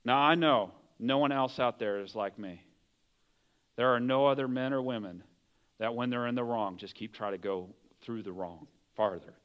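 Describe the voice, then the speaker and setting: A man's voice: medium pitch, moderate pace, lo-fi sound. A man preaching a conversational sermon, often asking the listeners questions. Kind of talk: casual sermon.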